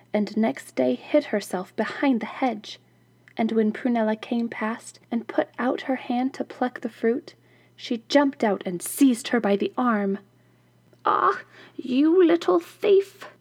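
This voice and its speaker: A woman reads a fairy tale aloud as host of her podcast, breaking off for chatty, wry asides. Her voice sits a little high. The recording is close and dry. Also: unhurried, a little mellow, no room sound.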